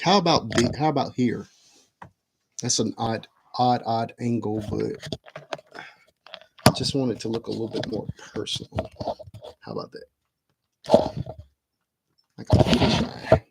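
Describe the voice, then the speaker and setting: A man's voice: mid-range voice, normal speed, vocal fry, long pauses, heavy background noise. A man hosting a casual livestream from his home, chatting and muttering to himself as he adjusts his camera, picked up by the camera mic. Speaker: livestream host. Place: at home, indoors.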